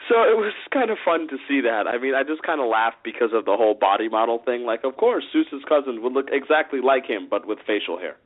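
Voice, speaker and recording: A man co-hosting a casual radio podcast, joking and animated as he talks. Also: mid-range voice, quick pace, few pauses. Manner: animated, jokey, fond of mimicking lines. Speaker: podcast co-host. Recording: tinny phone-line sound.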